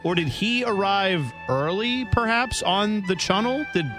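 A man's voice: sits high, animated, a little slow, music in the background. A man hosting a sports radio show in casual talk, dry and playful, stretching out his questions and explaining games at length. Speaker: radio host.

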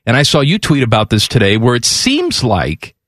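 Animated sports radio host man. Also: mid-range voice, no room sound, clean studio sound. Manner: quick teasing banter. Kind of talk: casual sports talk and read ad.

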